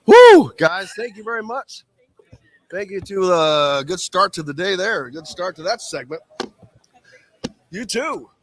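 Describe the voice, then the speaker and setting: A man with a Midwestern American accent hosting live sports radio, talking with animated, exclaiming energy. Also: sits high, a little slow, long pauses. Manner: animated, exclaiming through a spicy shrimp challenge. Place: radio broadcast set at a live event.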